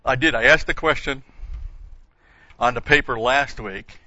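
A man's voice: mid-range voice, measured pace, bright, forceful tone, dry recording, muffled recording. A man teaching an informal Bible class, talking in a rambling, conversational way with folksy asides.

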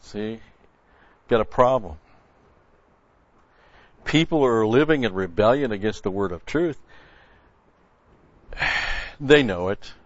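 A man's voice: on the low side, expressive, slow, long pauses, no echo, highs cut off. A man preaching a conversational sermon, folksy and blunt, quoting scripture and restarting his sentences often.

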